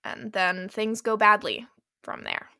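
A woman's voice: mid-range voice, very animated, a little slow, pushed and bright, no echo, clean studio sound. A young woman co-hosting a podcast, talking through book picks in an easygoing, wry way. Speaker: podcast co-host. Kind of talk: casual chat about romance novels.

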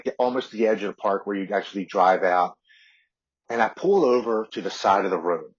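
A man's voice: fairly low pitch, husky. A man in his forties, a podcast guest, earnestly telling a personal recovery story and often repeating words. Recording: dull lo-fi audio.

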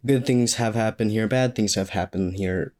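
Rambling, joking young man, low voice. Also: moderate pace, darkish tone. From Maine, US. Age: young adult. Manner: rambling, joking, with laughs and swearing. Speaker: vlogger. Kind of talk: casual Q&A vlog.

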